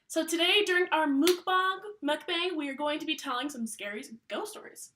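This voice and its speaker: A woman's voice: high-pitched, moderate pace, hardly any pauses, fairly bright tone. A young woman chatting playfully in a car, giggly and bubbly as she vlogs. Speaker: vlogger. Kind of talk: casual chat. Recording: car recording with background noise.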